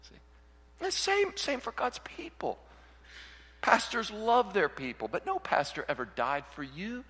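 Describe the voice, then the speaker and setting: Pastor guy preaching, bright lively voice that jumps all over, booming hall echo. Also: unhurried, breathy edge. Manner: animated, acts out quoted voices, swings from soft to shouting. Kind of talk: sermon. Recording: hall reverb.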